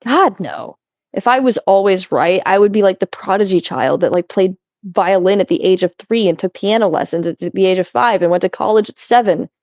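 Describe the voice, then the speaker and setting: Sorting through her belongings at home, a young woman vlogs in a loose, talkative style, breaking off mid-thought and laughing a lot. She speaks at a moderate pace with a medium-pitched, animated, somewhat dark voice. The sound is dry and muffled.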